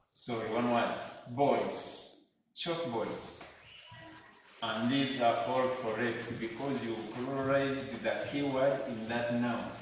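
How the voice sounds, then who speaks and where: A man teaching a grammar lesson to schoolchildren, talking slowly and deliberately and spelling words out letter by letter. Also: on the high side, a bit bright. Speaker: primary school English teacher. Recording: echoey room, distant mic, faint noise.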